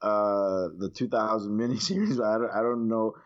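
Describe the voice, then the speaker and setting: Man, late 30s, podcast guest, low pitch, rambling, profane, muffled lo-fi sound. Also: fairly even intonation, moderate pace. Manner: rambling, swears freely, many fillers. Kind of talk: casual chat.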